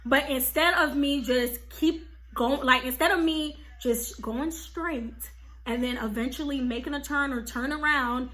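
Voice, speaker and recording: Bright-voiced young woman telling a story. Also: high-pitched, measured pace. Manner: animated, slangy, frequent "like" and "okay?". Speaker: vlogger. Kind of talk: casual storytime.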